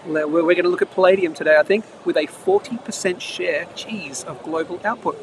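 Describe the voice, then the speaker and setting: An Australian man hosts a live market stream outdoors near traffic between trains, reading the news aloud and chatting casually with quick asides. His voice is slightly high, and obvious street and traffic noise runs beneath the noisy recording.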